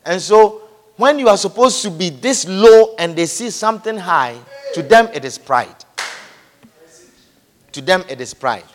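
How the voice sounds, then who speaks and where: High, lively-voiced preacher man in an echoey hall. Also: unhurried, long pauses. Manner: emphatic, repeats phrases, calls out amen. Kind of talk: sermon.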